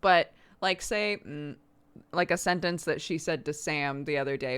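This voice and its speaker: A woman with a low voice and a slightly bright, clean tone chats casually at a moderate pace while streaming from home. She fills her speech with "like" and laughs often.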